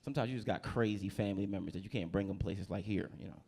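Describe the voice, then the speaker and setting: A man's voice: sits low, fast talker, vocal fry, darkish tone, slightly rough. A man from New Jersey doing a stand-up comedy set on a club stage, talking loosely and teasing the audience. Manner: loose, conversational, teases the crowd.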